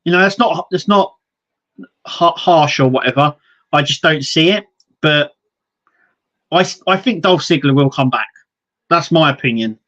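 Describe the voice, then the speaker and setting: A man's voice: a little high, unhurried, long pauses, fairly bright tone, highs cut off. A man co-hosting a casual wrestling podcast, rambling with lots of restarts and quoted asides. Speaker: podcast co-host.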